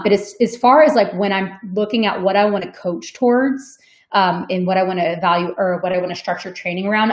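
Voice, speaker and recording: A woman answering audience questions in a webinar, talking casually with many ums and likes. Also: fairly low pitch. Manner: conversational, frequent "um" and "like", laughs easily. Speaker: sales development manager on a webinar. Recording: echoey room.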